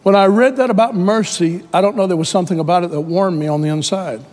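A man preaching a sermon, telling his own story and swelling to shouts when quoting Bible figures. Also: high-pitched, quick pace, big-room sound.

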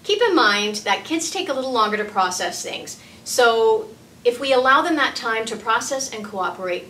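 A middle-aged woman delivering scripted parenting tips in a calm, encouraging tone. Her voice is bright and forward. She sounds a little off-mic in a room with noticeable echo. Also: a little high, distant mic, a little hiss or hum. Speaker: early years parenting facilitator.

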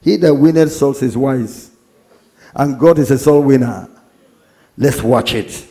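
A male pastor preaching at an unhurried, deliberate pace. His voice sits a little high for a man and carries a gravelly edge. He moves between scripture reading and dramatic retellings, building to loud exclamations. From Nigeria. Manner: reads scripture aloud in King James wording. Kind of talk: sermon.

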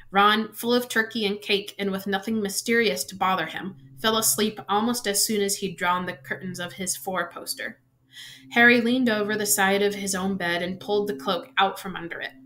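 A woman reading a novel aloud at an ordinary middle pitch. She reads expressively, lifting her voice at tense moments and letting sentences fall away softly. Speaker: reader.

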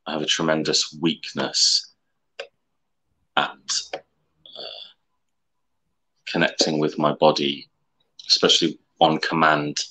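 A man's voice: rumbling low, bright, forceful tone. A man talking on a video call as a coaching client, hesitant and wry, often restarting his sentences.

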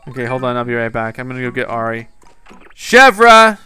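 A man's voice: medium pitch, completely flat delivery, very fast, smooth, faint music behind. A man giving casual, chatty gameplay commentary, talking to himself and to someone off-mic, and now and then calling out a name. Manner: repeatedly shouts a name into the game mic. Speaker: gaming YouTuber.

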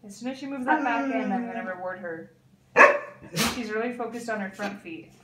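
A woman's voice: fairly high pitch, lively intonation, a little fast, crowd noise. Echoey woman coaxing a dog from afar. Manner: coaxing and encouraging, repeats short cues to a dog. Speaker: dog trainer. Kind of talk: live training session with commentary to camera. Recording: echoey, from a distant camera mic.

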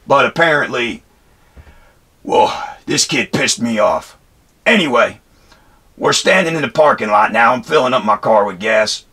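Angry, profane man with a bright, husky voice. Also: mid-range voice. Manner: profane, angry, rambling with restarts and "anyway". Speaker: Marine veteran vlogger. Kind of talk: heated personal storytelling rant.

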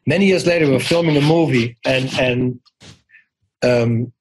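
A middle-aged man from the Netherlands with a Dutch accent, telling stories as an interview guest, animated, acting out quoted lines and often restarting his sentences. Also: medium pitch, moderate pace, slight background noise, poor audio. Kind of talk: casual interview storytelling.

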